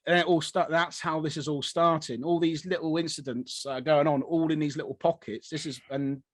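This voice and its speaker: A man's voice: on the high side, steady tone, normal speed, no room sound. A man co-hosting a casual history podcast, rambling, laughing often and acting out quotes. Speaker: podcast co-host.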